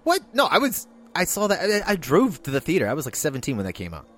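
A man's voice: a little high, wildly swooping pitch, fast talker, fairly bright tone. A man in his forties hosting a casual film podcast, teasing and laughing easily. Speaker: podcast host and film editor.

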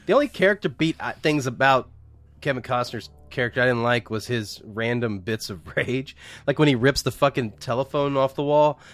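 A man co-hosting a casual movie podcast, excitable and quick to laugh, swearing often. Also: medium pitch. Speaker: podcast co-host.

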